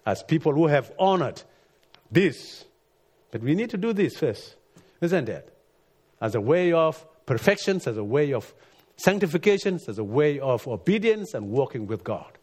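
Husky-voiced preacher, earnest and emphatic. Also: male voice, big pitch swings, moderate pace, darkish tone. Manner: earnest, rising to emphatic peaks then dropping low. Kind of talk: sermon.

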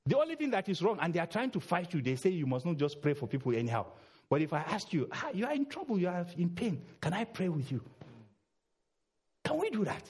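A middle-aged man preaching a sermon in a church, urging loudly, then dropping low. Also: slightly rough. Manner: emphatic, swings between loud urging and low murmurs.

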